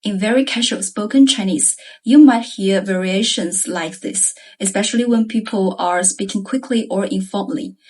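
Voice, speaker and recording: A woman teaching Chinese grammar in a scripted lesson, reading example sentences slowly and carefully. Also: mid-range voice, a little mellow.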